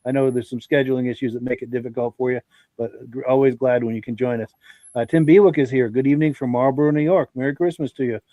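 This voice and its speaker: A man's voice: medium pitch, fairly even intonation, fast talker, no room sound, phone-quality sound. A man with a congested voice hosting a live podcast, reading out viewer comments in a friendly, folksy way. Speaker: podcast host.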